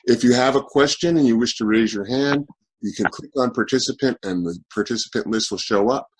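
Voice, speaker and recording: A man hosting an online forum over a video call, talking in a halting way full of fillers and restarts. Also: medium pitch, background noise.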